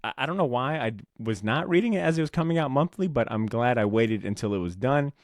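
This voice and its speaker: A man co-hosting a comics podcast, talking in a rambling, animated way with lots of fillers and casual swearing. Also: mid-range voice, fast, no echo, clean studio sound. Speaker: podcast co-host. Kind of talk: casual chat about comics.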